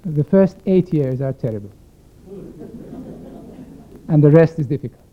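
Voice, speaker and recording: A man's voice: fairly high pitch, lively intonation, unhurried, a little hiss or hum. Man with a thin phone-like sound. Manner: reflective, explanatory, poses questions to the audience. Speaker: concert violinist addressing the audience. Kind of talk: spoken introduction at a concert. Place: concert stage before a live audience.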